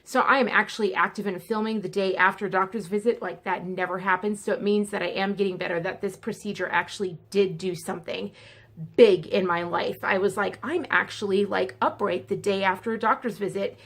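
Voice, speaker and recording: A woman's voice: medium pitch, fairly even intonation, fairly bright tone. Chatty woman vlogger in pain. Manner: candid, chatty, speeding up and slowing down. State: in pain, fidgety. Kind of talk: casual chat to camera.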